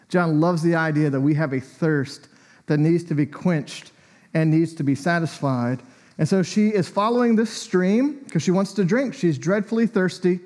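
A man's voice: a little high, a little slow, darkish tone. A man preaching a sermon in a conversational, storytelling way, often with a light chuckle.

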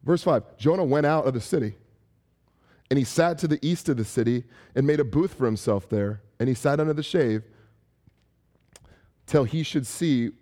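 Guy pastor preaching pretty casual, animated, keeps restarting, acts out little voices, mid pitch. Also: normal speed, long pauses. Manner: animated, acts out quoted voices and asks the audience questions; frequent restarts and casual fillers. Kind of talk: conversational sermon.

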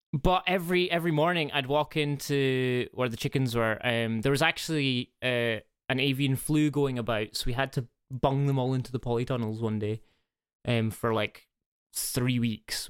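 A podcast co-host in casual chat, telling stories with animation and swooping into high voices. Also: steady tone, normal speed, clean tone, no room sound, studio quality.

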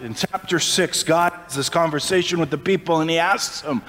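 A pastor delivers his sermon with real fervor, his fairly high voice climbing as he presses each point. The words ring out into a church hall with a long, lingering reverb behind them. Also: animated, moderate pace, hardly any pauses, fairly bright tone. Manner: impassioned, rising pitch on emphasis.

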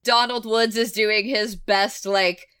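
A woman co-hosting a casual film-review podcast, chatty and quick to laugh, with lots of "like" fillers. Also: mid-range voice, steady tone, a bit bright, clean tone. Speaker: podcast co-host reviewing films.

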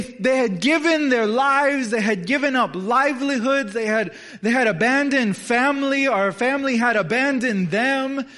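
A man's voice: very high-pitched, fairly bright tone. A young adult man preaching a conversational, earnest sermon as a pastor, often repeating words and restarting phrases.

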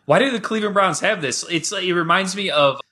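A man's voice: high-pitched, fairly quick, sharp tone. A man co-hosting a casual podcast, making wry, mocking asides. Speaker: podcast co-host. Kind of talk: casual chat.

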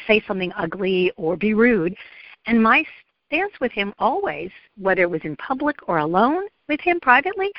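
A woman's voice: mid-range voice, no room sound, highs cut off. A middle-aged woman therapist talking earnestly in a podcast interview, with frequent ums and acted-out quotes. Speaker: therapist and guest.

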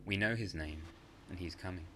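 A man voicing an unseen, knowing spirit that speaks as "we", calm and quietly menacing. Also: deep voice, normal speed, very noisy, close to an everyday voice.

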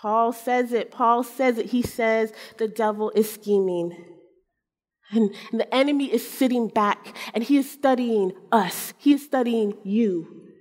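High-voiced woman preaching in a hall. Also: a little slow. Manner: animated, acts out quotes, self-mocking humor. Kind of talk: sermon with personal storytelling. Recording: long hall reverb.

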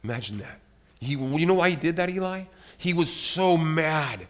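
A man leading a children's church service, telling a Bible story in an animated way, asking the kids questions and calling on them by name. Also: fairly high pitch, normal speed.

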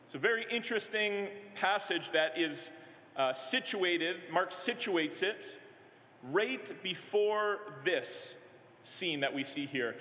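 A male minister preaching a sermon in a conversational way, halting often with fillers and restarts. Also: high voice, bright, forceful tone. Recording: echoey hall with long reverb.

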